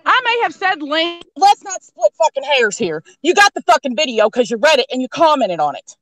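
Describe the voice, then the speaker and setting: A woman with a high, sharp voice rants in an angry, profane stream during a casual chat. Her voice is recorded close and dry, with no room sound. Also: big pitch swings, brisk, no room sound.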